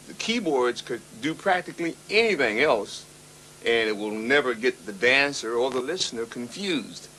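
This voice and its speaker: A man's voice: medium pitch, sharp tone, a little hiss or hum, low-quality recording. A man earnestly explaining a musical idea with examples, in an interview. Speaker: guest musician.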